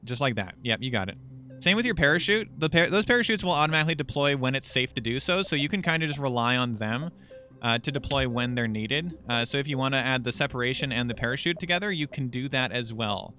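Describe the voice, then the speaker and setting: A man's voice: mid-range voice, lively intonation, fast talker, bright, forceful tone. A man streaming a space game as mission control, explaining things helpfully with lots of hesitations. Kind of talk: casual gaming banter.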